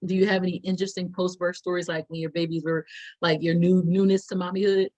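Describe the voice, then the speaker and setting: A woman's voice: on the low side, fast, dull audio. A woman in her thirties co-hosting a podcast, chatting casually and laughing often while she eats. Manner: animated, laughs often, eating while talking. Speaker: podcast co-host. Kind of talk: casual chat over a meal.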